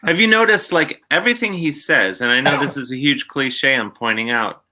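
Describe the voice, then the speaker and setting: Brief: male guest, loose rambling chat, sharp bright tone. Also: medium pitch, fairly quick. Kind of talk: casual chat.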